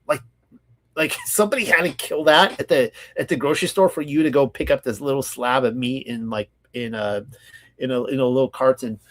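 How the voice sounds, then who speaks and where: A man from California hosting a Bible study, reading scripture slowly and then commenting in a loose, casual way full of fillers and restarts. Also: medium pitch, fairly bright tone.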